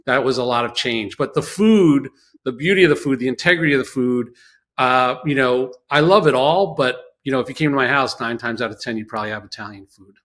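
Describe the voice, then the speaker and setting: A man's voice: medium pitch, brisk. A man from the New York area, a chef guest telling stories in a casual chat and acting out quotes. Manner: storytelling, animated, acts out quotes.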